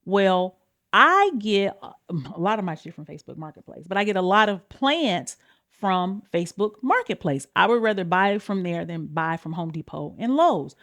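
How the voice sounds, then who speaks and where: A woman hosts her own podcast in a loose, confessional way. She talks straight to her listeners, swears without a second thought, and calls them y'all. Her pitch and pace swing around a lot as she goes. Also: lively intonation, normal speed, a bit bright. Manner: candid, swears freely, addresses listeners as y'all. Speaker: podcast host. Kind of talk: casual confessional talk.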